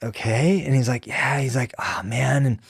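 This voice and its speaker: A man's voice: medium pitch, steady tone, normal speed, gravelly, slightly rough. A man in his thirties recalls his years as a prison sergeant in loose, profane chat. He slips in and out of the voices of the people he talked to. The sound is dry and close with no room echo. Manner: loose and profane, acts out quoted dialogue. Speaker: former prison sergeant, podcast guest. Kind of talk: casual storytelling conversation.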